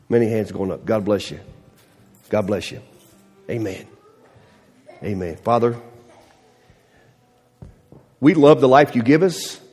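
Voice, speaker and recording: A middle-aged man, a pastor, telling a story in a sermon with animated delivery, acting out voices, then easing into a soft, quiet prayer. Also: on the low side. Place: church sanctuary. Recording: long church reverb.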